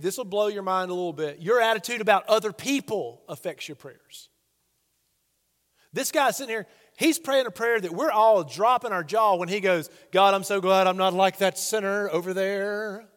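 A man's voice: high-pitched, a bit bright, long reverb tail. A man preaching a sermon as pastor, earnest and conversational, often asking his listeners questions.

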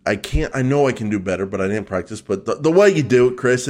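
Man, podcast host, casual chat, teasing and jokey, middle-pitched voice. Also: expressive, fast talker, few pauses, a little mellow. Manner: joking, teasing, loose and chatty.

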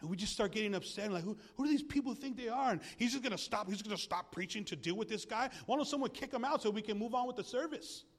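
A male pastor preaching a sermon in a church, animated and jokey, asking the congregation questions. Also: high voice, fast talker, few pauses.

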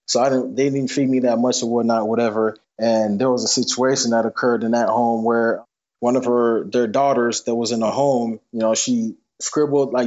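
A man's voice: mid-range voice, a little mellow. A young man telling stories as an interview guest in a loose, casual way, full of fillers. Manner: fast, loose, many fillers like "you know what I'm saying". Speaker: football player guest. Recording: dull lo-fi podcast audio.

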